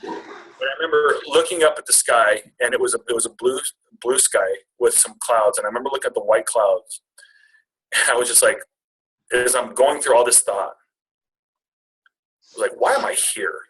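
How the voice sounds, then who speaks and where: At a business retreat, a man in a mid-range voice tells a live audience a personal story in a lively, conversational manner, often calling them "you guys." He speaks at normal speed but pauses often, and the audio quality is poor.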